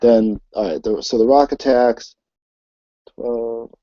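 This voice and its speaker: A man narrating as game master for a tabletop game, talking in a halting way with many ums and restarts. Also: mid-range voice, fairly even intonation, mellow, no echo, highs cut off.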